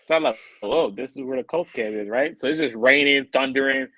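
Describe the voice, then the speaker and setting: Lively man telling a story, dry sound. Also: medium pitch, brisk, no room sound, poor audio. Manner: animated, acts out quoted people in a raised voice. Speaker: podcast co-host. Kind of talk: casual storytelling chat.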